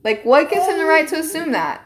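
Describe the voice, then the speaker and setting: A young woman streamer telling a story to her viewers in casual chat, animated, indignant and swearing freely. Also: sits high, brisk.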